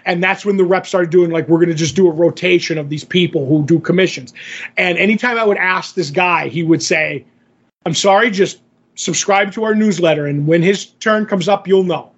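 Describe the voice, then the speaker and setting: Brief: husky, high-pitched male podcast co-host, animated storyteller, lo-fi audio. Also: moderate pace. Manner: animated, acts out others' lines in the story. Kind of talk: casual storytelling chat.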